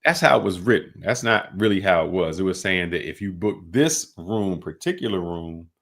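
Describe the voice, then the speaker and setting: Low-voiced man, podcast host, rambling storyteller. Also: animated, creaky, a bit bright. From United States. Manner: loose storyteller, drawn-out fillers and restarts. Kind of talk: casual podcast chat.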